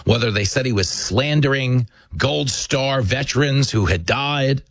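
A man hosting a show, delivering a fast, sarcastic, impassioned monologue of commentary and storytelling. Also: medium pitch, fairly bright tone, no room sound. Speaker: political commentary host.

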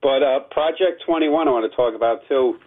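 A man calling in to a radio show, talking earnestly and haltingly. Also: mid-range voice. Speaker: caller. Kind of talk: call-in radio chat. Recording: tinny phone line.

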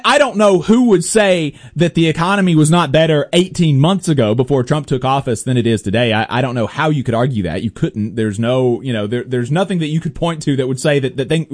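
A male host delivers casual political commentary in a fairly high voice that swings widely in pitch. He sounds exasperated and sarcastic, often restarting his sentences.

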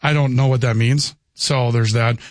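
A man's voice: medium pitch, fairly even intonation, normal speed, no echo. A man hosting a radio show, teasing his co-host and reading listener texts aloud. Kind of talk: sports radio chat.

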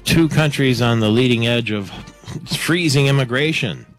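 A man's voice: medium pitch, moderate pace, soft background music. A man hosting a talk radio show, giving sardonic, conversational political commentary with fillers.

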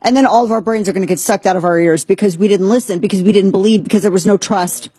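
A woman hosting a casual commentary show, talking in an animated, sarcastic way and sometimes jumping into an excited squeal. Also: mid-range voice, quick pace, husky, no echo.

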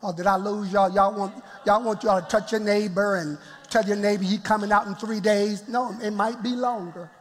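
A man's voice: high voice, steady tone, moderate pace, long reverb tail, soft background music. A man preaching a sermon as pastor in a church, laughing often and calling out to the congregation.

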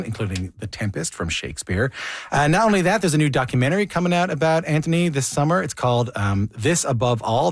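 A man's voice: medium pitch, slightly rough, no echo, clean studio sound. A man hosting a radio interview show, talking in a casual, chatty way. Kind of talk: hosted radio interview with intro monologue. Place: radio studio.

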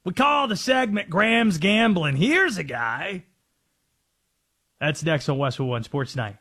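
A man doing an impression of an excited football TV analyst, reading a show promo in a big drawn-out style. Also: sits high, slightly rough, exaggerated voice. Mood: hyped.

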